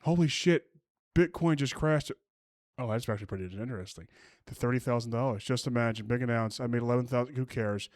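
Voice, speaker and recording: A man's voice: medium pitch, a little fast, a little mellow, no room sound, clean studio sound. Mocking, foul-mouthed man ranting. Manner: mocking, angry, crude, lots of restarts. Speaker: streamer reacting to posts. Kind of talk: profane casual rant.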